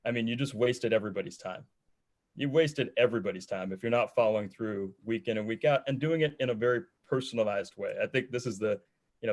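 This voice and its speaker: A man speaking on an online sales panel over a video call, direct and conversational. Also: mid-range voice. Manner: direct, conversational, repeats himself for emphasis.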